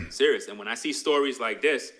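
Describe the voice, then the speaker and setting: Man, blunt commentator, bright edgy voice, mid pitch. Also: moderate pace. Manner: blunt, frank. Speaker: commentator in the reacted clip. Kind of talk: opinionated commentary.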